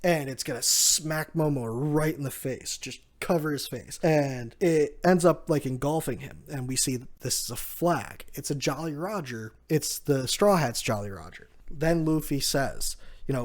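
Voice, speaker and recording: A man's voice: a little high, moderate pace, few pauses. A man casually retelling a comic chapter, acting out the characters' lines and chuckling often. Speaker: manga chapter reviewer. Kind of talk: casual recap with acted-out quotes.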